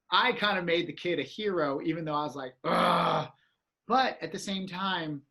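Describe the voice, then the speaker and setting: A man telling a story in casual chat, animated and acting out reactions with exclamations. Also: on the high side.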